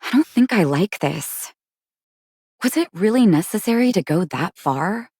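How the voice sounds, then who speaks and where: An actress voicing a gentle, conflicted young woman ex-idol who talks hesitantly with soft sighs. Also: mid-range voice, animated, a little slow, slightly rough, dry recording. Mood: uneasy. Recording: dry close studio recording.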